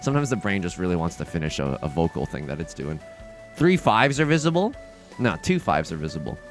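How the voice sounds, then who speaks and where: A man hosts a let's play, talking through his moves in a casual, animated way. His pitch swings widely as he jokes, restarts sentences and pokes fun at himself. Faint game music plays softly behind him. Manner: animated, joking, quick restarts and self-mocking asides. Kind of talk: casual gameplay commentary.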